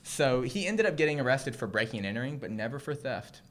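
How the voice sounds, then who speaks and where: A young man from Southern California co-hosting a podcast, telling a funny story in a lively way, laughing and acting out the people in it. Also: mid-range voice, fast talker, slight background noise. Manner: animated, laughing, acts out the people in his story. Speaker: podcast co-host. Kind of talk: casual storytelling.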